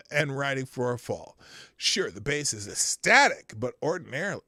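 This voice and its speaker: Gravelly, lively male stream host. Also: a little high, no room sound, clean studio sound. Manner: rushed, loose and profane, with many restarts. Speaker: live-stream show host. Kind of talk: casual live-stream commentary and sign-off.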